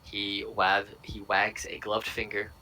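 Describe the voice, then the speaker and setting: A man narrating as dungeon master in a relaxed, rambling way. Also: on the low side, slow, a little hiss or hum, poor audio. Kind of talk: narrating a tabletop game.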